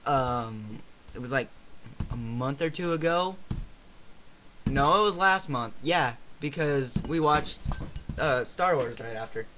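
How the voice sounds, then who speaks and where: A man's voice: medium pitch, animated, takes it slowly, pauses often, heavy background noise. A young man co-hosting a casual podcast, rambling and swearing, his voice cracking often. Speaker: podcast co-host. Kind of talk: casual chat.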